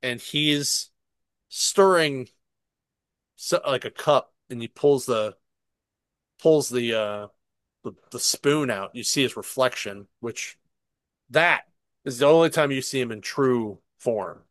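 Animated storytelling man, dry sound. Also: mid-range voice, takes it slowly, pauses often, no echo. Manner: animated storytelling, swears freely. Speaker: podcast co-host. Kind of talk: casual chat.

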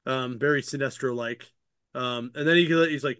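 A podcast host reviewing comic books chats casually, rambling with many fillers and restarts while retelling scenes and paraphrasing characters' lines in his own voice. He has a mid-range, clear, resonant voice, fairly bright, at a moderate pace, in clean studio sound with no room sound.

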